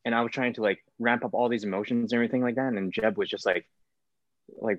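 A man's voice: on the low side, fairly even intonation, fast, dry recording. A man, an actor, talking casually in an interview, rambling with many fillers. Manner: rambling, full of fillers like "like" and "whatnot". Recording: dull, lo-fi sound.

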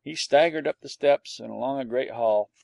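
A man with a gravelly voice reading a storybook aloud in a dry, wry first-person telling. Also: medium pitch, moderate pace, a little mellow, no echo. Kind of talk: storybook narration.

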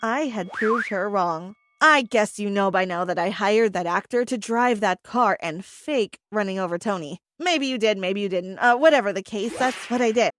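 A young adult woman narrating a first-person teen story in an even storytelling voice. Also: medium pitch, normal speed, hardly any pauses, soft background music.

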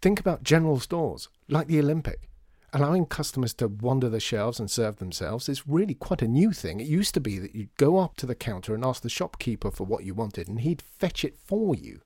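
A man voicing an eager, thoughtful man thinking out loud in a storybook reading. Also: mid-range voice, very animated, a little fast, no echo, studio quality.

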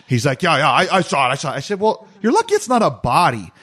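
A man's voice: fairly high pitch, wildly swooping pitch, quick pace, fairly bright tone, husky. A man in casual group chat, telling a story animatedly and acting out the quotes and sounds.

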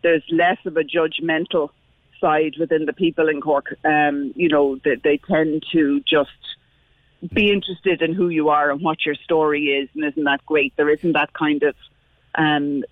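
A woman's voice: sits low, flat delivery, moderate pace, no echo. Enthusiastic woman on a tinny phone line. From Ireland, Dublin. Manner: earnest, enthusiastic. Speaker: radio caller. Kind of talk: phone-in chat.

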